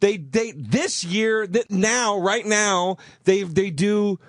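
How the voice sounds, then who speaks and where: A man's voice: high-pitched, slow pace, dry recording, clean studio sound. A man co-hosting a radio show in casual talk, blunt and critical, swearing and restarting his sentences. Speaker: radio co-host.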